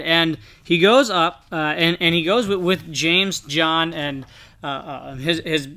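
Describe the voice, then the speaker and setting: A man's voice: fairly high pitch, slow pace, sharp tone. A man co-hosting a podcast, earnestly reflecting in a casual Bible discussion. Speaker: podcast co-host.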